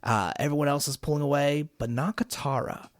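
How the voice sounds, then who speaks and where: A man hosting a casual podcast, retelling a cartoon episode in an animated, swearing, storytelling way. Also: fairly high pitch, brisk, no echo, clean studio sound. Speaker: podcast host.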